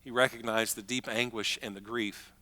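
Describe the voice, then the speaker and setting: A man preaching a sermon as pastor, emphatic, swinging between loud declarations and hushed, slow moments. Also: mid-range voice, fairly even intonation.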